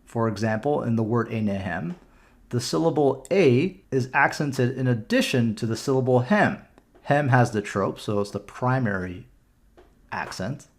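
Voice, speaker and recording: A man's voice: mid-range voice, expressive, moderate pace. A Canadian man tutoring for bar mitzvahs, explaining a lesson patiently step by step in a screen-recorded video, with small restarts. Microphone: computer mic for a screen recording.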